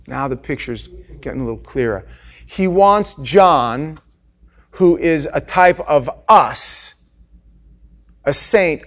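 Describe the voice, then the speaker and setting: A middle-aged man preaching a sermon, swinging from hushed, tender passages to loud, fervent ones and acting out the quotes he tells. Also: mid-range voice, expressive, slow, long pauses. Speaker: pastor.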